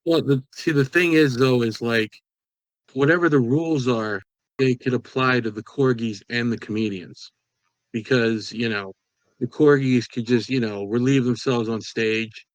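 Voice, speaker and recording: Wry, deadpan comedian man. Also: mid-range voice, moderate pace, no room sound. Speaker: comedian guest. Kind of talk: casual chat on a video call.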